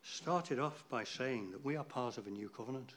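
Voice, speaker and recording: A man's voice: medium pitch, moderate pace, a bit bright, slight background noise. A man giving an informal, rambling talk to a church group, chatty and losing his place now and then.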